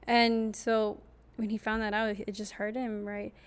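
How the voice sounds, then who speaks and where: A young woman with a fairly high voice hosts a casual podcast. She tells her memories in a chatty, flowing way, now and then slipping into the voices of the people she quotes. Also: little pitch movement, a little slow, clean tone. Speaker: podcast host.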